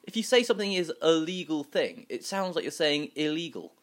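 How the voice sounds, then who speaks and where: A man's voice: on the high side, sing-song, brisk. A man co-hosting a casual chat show, rambling, punning and often stumbling over his words. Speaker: co-host.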